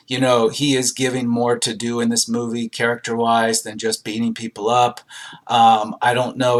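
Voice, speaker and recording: A man talks through a movie review in a loose, casual way, stopping often for ums and uhs as he rambles. His voice sits at an ordinary middle pitch for a man. He reads out short audience reviews and then gives his own take. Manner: rambling, many fillers and hesitations.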